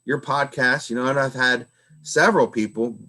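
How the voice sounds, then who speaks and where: A man's voice: mid-range voice, steady tone, moderate pace, sharp tone. Chatty man hosting a casual podcast. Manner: rambling, peppered with filler phrases. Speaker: podcast host. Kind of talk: casual conversation.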